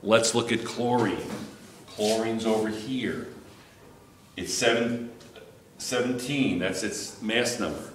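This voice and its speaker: A man's voice: fairly low pitch, steady tone, slow, pauses often. A man teaching a chemistry class, lecturing and teasing his students with jokes. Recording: echoey classroom with faint background noise.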